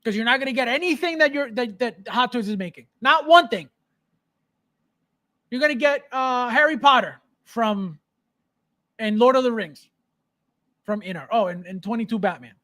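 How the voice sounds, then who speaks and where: A livestream host with a very high-pitched, sharp voice speaks at a moderate pace, pausing often. He reads the chat aloud, laughs a lot, and rants bluntly and emphatically about his hobby on his casual stream.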